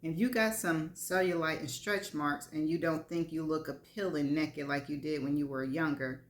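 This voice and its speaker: A woman's voice: sits low, fairly even intonation, moderate pace, lightly acted. A woman voicing a confident, teasing middle-aged man in a story reading, reassuring and playful. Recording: echoey room.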